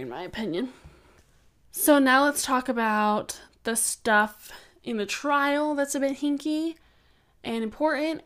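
A woman's voice: a little high, fairly bright tone. A woman co-hosting a true-crime podcast, talking through theories in a loose, chatty way and laughing easily. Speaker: podcast co-host. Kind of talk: casual true-crime chat.

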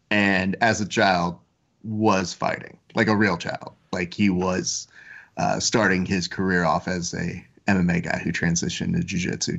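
A man's voice: deep voice, gravelly, a bit bright. A man hosting a casual podcast, teasing his guests and keeping the segments moving. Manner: joking, teasing, runs the segments. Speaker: podcast host. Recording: slightly dull lo-fi sound.

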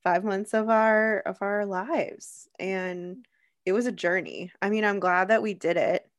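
A woman co-hosts a podcast in relaxed chat, laughing often and rambling through fillers. She sounds a little groggy. The voice is dry and close. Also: medium pitch, measured pace, no echo. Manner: giggly, rambling, with frequent fillers. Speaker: podcast co-host.

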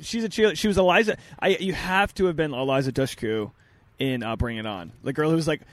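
A man's voice: on the high side, quick pace, no room sound. A man hosting a podcast, teasing his guests with crude, joking banter in casual chat. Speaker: podcast host.

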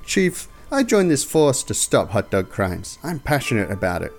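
A man's voice: medium pitch, normal speed, soft background music. A man doing an eager young rookie cop. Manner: earnest, excitable, flustered.

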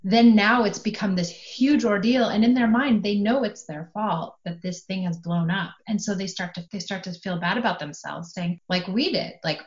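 Woman in her forties, mid pitch, calm and explanatory, slightly dull recording. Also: fairly quick, few pauses. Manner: calm, explanatory, acts out quoted dialogue. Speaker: parenting guest. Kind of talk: podcast conversation.

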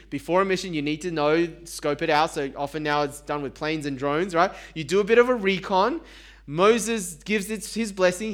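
A man's voice: high-pitched, a bit bright. A man preaching a sermon in a conversational way, asking the congregation rhetorical questions and joking about himself. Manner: self-deprecating humor.

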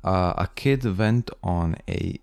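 Croatian guy on a podcast, low voice, dry mic, blunt and sweary. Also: takes it slowly, creaky, a little mellow, dry recording. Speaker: podcast co-host. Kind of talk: casual chat.

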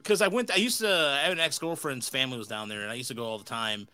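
A man's voice: medium pitch, fast, clear, resonant tone. A man hosting his podcast in casual chat, ranting with lots of swearing. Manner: profane, animated ranting. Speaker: podcast host.

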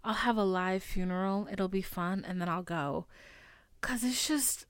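A woman's voice: medium pitch, unhurried, clear, resonant tone, dry recording. A young woman from the United States hosting a podcast, talking in a casual, rambling, profanity-heavy confessional monologue and laughing to cope. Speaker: podcast host.

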